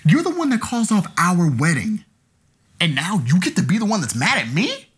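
An actor playing a hurt ex-fiancé who swings from low, quiet words to cracking shouts. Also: male voice, wildly swooping pitch, normal speed, heavily acted. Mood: heated, wounded. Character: hurt ex-fiancé, proud and wounded. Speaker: jilted ex-fiancé. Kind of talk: romantic drama acting.

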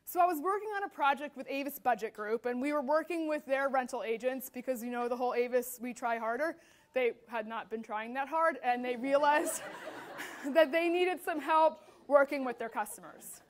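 A woman keynote speaker telling stories to an audience, acting out quoted voices and often saying "like". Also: sits high. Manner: animated, acts out quotes with filler "like". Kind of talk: storytelling keynote talk.

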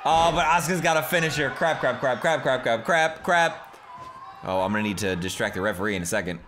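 A man commentating his own wrestling video game playthrough, joking, shouting at the screen and laughing. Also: mid-range voice, animated, a little fast, slight background noise. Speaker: gameplay commentator. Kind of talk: excited gameplay commentary.

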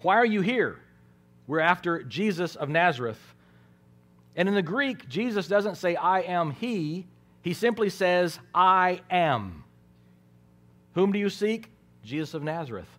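A pastor preaching a sermon, swinging between hushed, quiet lines and loud, emphatic ones, and sometimes repeating words as he restarts a phrase. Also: sits high, animated, moderate pace.

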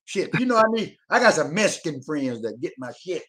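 A man talks as a show guest, boastful and profane. His voice sits high, and its pitch swings widely and lively. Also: fairly quick. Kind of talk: casual chat about CB radio.

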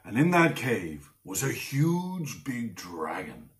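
A man's voice: mid-range voice, sing-song, slow pace, recorded from a distance. A man with an Irish accent telling a folk tale to children in a playful, dramatic way, in a museum workshop room. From Ireland. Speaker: storyteller. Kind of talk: animated storytelling to children.

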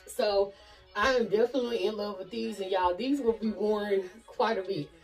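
Friendly, chatty Southern woman who calls the viewers "y'all" and "honey"; mid pitch, a little far from the mic. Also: normal speed, faint music behind. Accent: Southern American. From Nashville, USA. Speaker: fashion vlogger. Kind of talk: casual try-on chat to camera.

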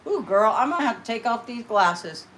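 Excitable woman host gushing on a live stream. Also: on the high side, normal speed, a little hiss or hum. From California. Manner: gushing, excitable, talks to viewers. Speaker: channel host. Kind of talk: casual live-stream chat.

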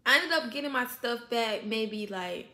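High bright-voiced woman vlogger, echoey room. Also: moderate pace. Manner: animated, profane, talks straight to viewers. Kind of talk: casual storytime vlog.

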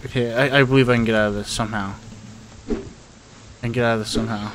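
A man's voice: mid-range voice, fairly even intonation, fast talker, pauses often, background noise. A young man giving rambling, nervous let's-play commentary to his viewers, often panicking and talking to himself. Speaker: gaming YouTuber.

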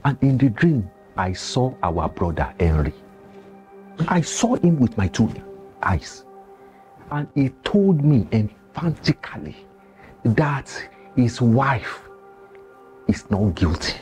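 An actor playing a grave, cautious male village elder with a Nigerian accent, who pleads slowly and speaks in proverbs. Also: medium pitch, very animated, a little mellow, soft background music. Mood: solemn.

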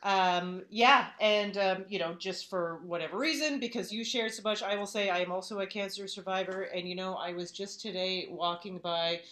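A woman hosting a live storytelling event, halting with many "um"s, then turning wry and comic. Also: medium pitch, fairly even intonation, fairly bright tone. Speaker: host.

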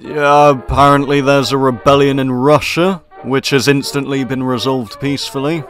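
A man's voice: mid-range voice, fairly even intonation, normal speed, fairly bright tone. A man commenting over his own gameplay, slipping into a theatrical, mock-posh officer manner with dry jokes. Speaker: gaming commentator. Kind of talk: let's play commentary. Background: faint background music.

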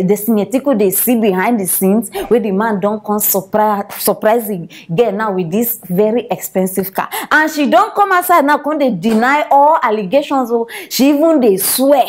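A woman with a high voice delivers comedy gossip news in a Nigerian Pidgin accent. She teases and scolds her audience and laughs often as she talks. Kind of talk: gossip commentary.

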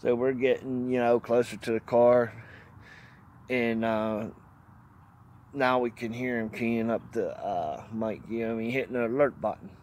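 This is a casual hunting tale from a male outdoors vlogger, told in a rambling, folksy style with frequent laughter and occasional mild swearing. He talks at a moderate pace in a steady, mid-range, darkish voice, and there's a little hiss or hum on the recording.

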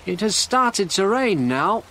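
Eager teenage boy, higher and brighter, read by a male narrator. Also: very animated, slow, slight background noise, exaggerated voice. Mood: earnest. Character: young man of seventeen, restless and eager.

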